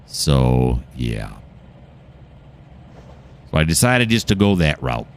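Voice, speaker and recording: A low-pitched man talks his way through a railroad game in a relaxed, meandering way, often stopping to correct himself. A faint noise floor sits under his voice. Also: slow pace. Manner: rambling, self-correcting, chatty. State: hiccuping. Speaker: gameplay host. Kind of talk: casual game commentary.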